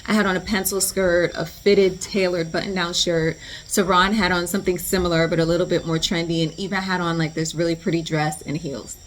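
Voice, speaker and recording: A woman vlogger telling a story in a lively, slangy way, full of "like" and asides to the viewer. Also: lowish voice, a little fast, a little hiss or hum. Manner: animated, slangy storytelling with lots of "like". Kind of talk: storytime vlog.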